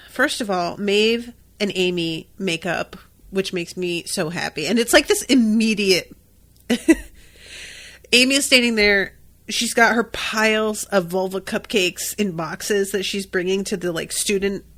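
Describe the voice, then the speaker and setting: A woman's voice: medium pitch, fairly bright tone. A woman hosting a podcast, recapping a TV episode in casual chat, emotional and swearing freely, crying at times. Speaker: podcast host.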